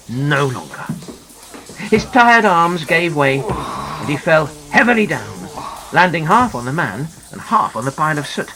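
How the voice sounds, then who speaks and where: A man narrating a children's adventure audiobook in a dramatic, very expressive way. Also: a little high, a little hiss or hum, low-quality recording. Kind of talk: scripted storybook narration. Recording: narration over clear music.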